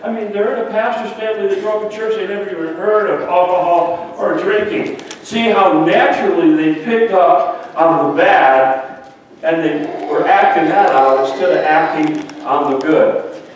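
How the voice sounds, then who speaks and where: An older man preaches a sermon, chatting with the congregation and telling playful stories. His voice sits a touch high and carries from a distance. The church is very echoey, with a faint hiss behind him. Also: moderate pace. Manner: storytelling with playful asides to the congregation. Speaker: pastor. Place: church sanctuary. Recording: echoey church hall from far off.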